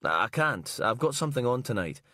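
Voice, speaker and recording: A man's voice: mid-range voice, sing-song, moderate pace, pushed and bright, dry recording, studio quality. A male narrator voicing a weary, cautious male detective sergeant who picks his words carefully. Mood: wary. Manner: careful, reluctant.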